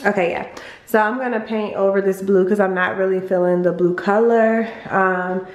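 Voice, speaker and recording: A woman's voice: medium pitch, fairly even intonation, moderate pace, highs cut off. A young woman giving a casual, gushing tour of her family's new empty house, recorded on a handheld phone, talking with lots of fillers and a little out of breath as she walks room to room. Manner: chatty, gushing, full of fillers. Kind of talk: casual home tour vlog.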